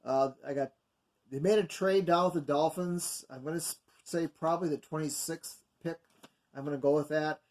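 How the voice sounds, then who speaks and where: Speaking at a moderate pace in a steady tone, this man has a fairly high, darkish voice. He's a video host casually reading mock draft picks off his notes, unscripted and rambling, full of fillers and corrections of himself.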